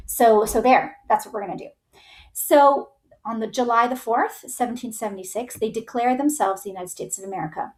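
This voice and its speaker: Woman, teacher, casual history lecture, chatty, fairly high voice. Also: darkish tone. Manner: chatty, full of "like" and "right?", acts out groups in quick voices.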